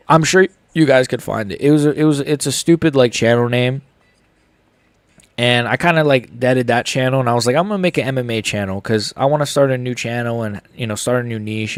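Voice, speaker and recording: Young dude on a late night stream, hiccuping, chill slangy talk, dead dry mic. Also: male voice, medium pitch, no echo. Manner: reads chat aloud, laid-back slangy banter. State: has the hiccups. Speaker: streamer reacting live to fights. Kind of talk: casual live stream chat.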